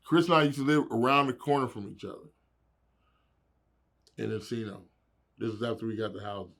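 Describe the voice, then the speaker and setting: Animated middle-aged man telling stories. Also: mid-range voice, fairly quick, creaky. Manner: animated, laughing, acts out quoted voices. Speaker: interview guest. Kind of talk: storytelling in a casual interview.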